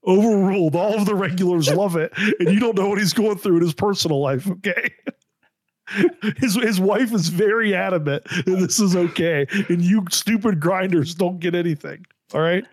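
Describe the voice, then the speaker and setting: A man on a podcast as a guest, chatting casually with wry, deadpan humor. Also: high voice, normal speed, dry recording, clean studio sound.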